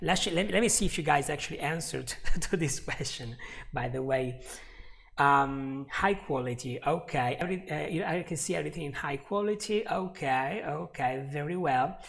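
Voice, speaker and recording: A man's voice: on the high side, normal speed, vocal fry, a bit bright. A man teaching English on a live stream, explaining step by step and chatting with viewers. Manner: explanatory, repeats words, chats with viewers.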